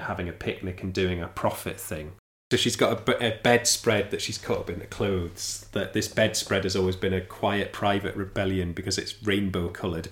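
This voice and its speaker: Animated low-voiced man chatting about a book. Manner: animated, filler-heavy, jumps into voices. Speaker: podcast co-host. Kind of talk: casual book discussion.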